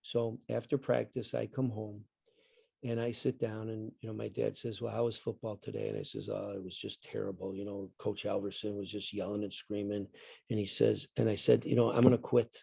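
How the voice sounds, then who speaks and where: A man's voice: on the low side, flat delivery, brisk, creaky, mellow, husky, dry recording. An older man, a retired coach, telling stories in a rambling casual chat, often repeating words. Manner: rambling, repeats words, acts out his dad in the story. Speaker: guest, retired basketball coach.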